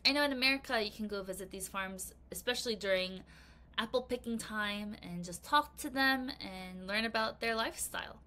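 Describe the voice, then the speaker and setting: A woman teaching an English vocabulary lesson to children, reading aloud with bouncy, expressive emphasis. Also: mid-range voice, normal speed.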